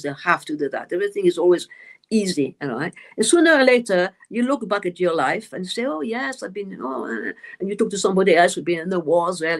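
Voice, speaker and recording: A woman who grew up in French Algeria, a guest medium and author, talking in a rambling, chatty way on a live stream. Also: medium pitch. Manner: chatty, rambling, many restarts.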